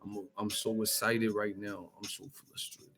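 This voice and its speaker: A man doing a mocking impression of a boastful country-boy heavyweight boxer, talking in a slow, mumbled drawl and tacking an S onto words. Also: on the low side, little pitch movement, close to an everyday voice.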